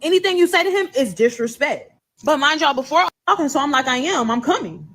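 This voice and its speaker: High-voiced young woman telling a story. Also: big pitch swings, fast, fairly bright tone, rough recording. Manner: earnest, repetitive retelling. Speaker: storyteller in a played clip. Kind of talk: story time vlog.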